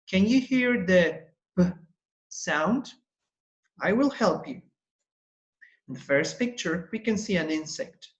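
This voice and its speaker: Slow, patient male teacher in an echoey room. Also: high voice, big pitch swings. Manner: slow, patient, spells out letters one by one and repeats; encouraging. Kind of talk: recorded lesson for young pupils. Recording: roomy, slightly dull home recording.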